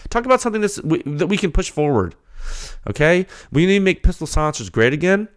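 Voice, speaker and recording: A man hosting a technical podcast, talking in an animated, ranting way with rapid rhetorical questions before settling into explaining data. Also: a little high, clear, resonant tone. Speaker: podcast host.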